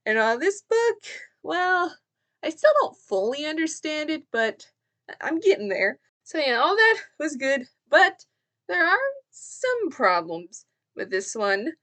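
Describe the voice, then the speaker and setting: A woman's voice: sits high, sing-song, slow pace, a bit bright. A young woman giving a casual book review, thinking aloud with fillers and restarts.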